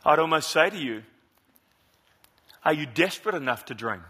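Bright-voiced, high-pitched preacher in conversation mode. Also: male voice, lively intonation, husky. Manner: conversational preaching with rhetorical questions and quick asides. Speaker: pastor. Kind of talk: sermon.

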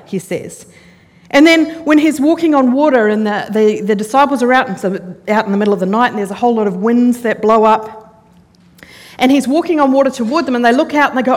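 A woman pastor preaching a sermon, telling stories in a lively way and acting out the voices of the people in them. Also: fairly high pitch, a little fast. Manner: animated storytelling, acting out quoted voices. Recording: long hall reverb.

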